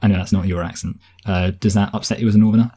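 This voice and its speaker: A man co-hosting a film review podcast, talking quickly in a casual, questioning way. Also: fairly low pitch, steady tone, mellow, husky.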